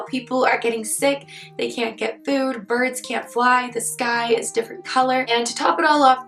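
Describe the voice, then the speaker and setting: A young woman with a cold talks in a chatty, upbeat way as she reviews books in her vlog, her voice husky and hoarse. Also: on the high side, a bit bright. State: sick with a cold. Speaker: book vlogger. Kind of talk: casual book review vlog. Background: faint background music.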